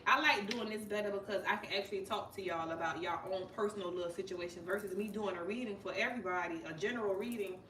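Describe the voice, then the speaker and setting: A woman hosting a live tarot stream in a casual, direct way, calling her viewers y'all. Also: medium pitch. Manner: informal, addresses viewers as y'all, chatty and direct. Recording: echoey room, mic at a distance, clear background noise.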